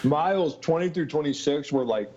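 A man's voice: a little high, lively intonation, moderate pace, darkish tone. A man tells a long personal story in an easy, rambling way. He laughs often and fills his talk with ums and you-knows. The recording sounds muffled and lo-fi. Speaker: interview guest. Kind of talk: casual storytelling.

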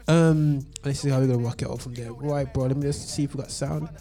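A man's voice: medium pitch, fairly even intonation, quick pace, warm tone. A man hosting a casual live-stream chat, rambling, interrupting himself and laughing often. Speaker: host.

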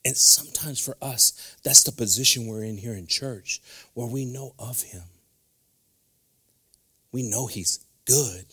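A middle-aged man preaching a sermon in church, animated and switching between English and Spanish, acting out dialogue as he goes. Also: fairly low pitch, breathy edge. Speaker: pastor. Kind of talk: bilingual sermon. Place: church sanctuary.

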